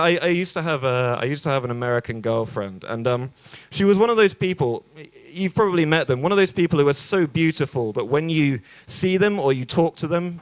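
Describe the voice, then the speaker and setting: Recorded dry, a young man from England with a slightly high voice does open-mic stand-up in a small bar. Nervous and self-deprecating, he keeps umming and starting lines over.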